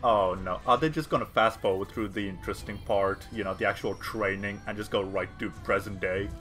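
A man co-hosting a film reaction video in casual chat, animated, swearing and laughing a lot. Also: lowish voice, brisk, soft background music.

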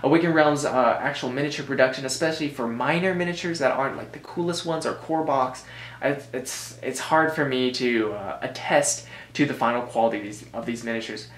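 A man's voice: medium pitch, fairly even intonation, brisk, fairly bright tone. An American man giving a casual review commentary, rambling with joking asides and frequent self-corrections. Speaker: board game reviewer. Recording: roomy echo.

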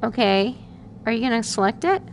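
High, jumpy mother panicking through a game. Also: expressive, brisk, a little hiss or hum. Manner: scared, exclaiming, gasping, repeating herself. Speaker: mother playing a video game. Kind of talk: casual gameplay reactions. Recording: home recording with game music behind.

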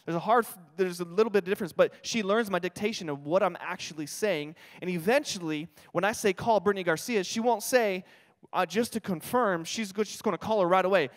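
A man's voice: high voice, fairly quick. A man in his thirties from New Mexico, with a New Mexican accent, preaching a conversational sermon in a chatty, self-deprecating way, with frequent restarts. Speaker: pastor. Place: church auditorium. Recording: long hall reverb.

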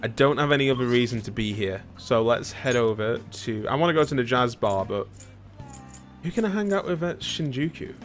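A man's voice: medium pitch, expressive, fairly quick, faint music behind. A man streaming a video game, rambling and joking with his chat, with a British accent. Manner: rambling, self-mocking, talks to chat. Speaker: gaming streamer. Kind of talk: casual let's-play commentary.

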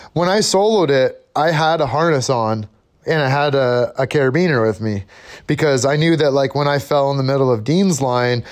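A laid-back man, a podcast guest, chatting casually, swearing freely and trailing off mid-sentence. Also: medium pitch. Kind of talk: casual chat.

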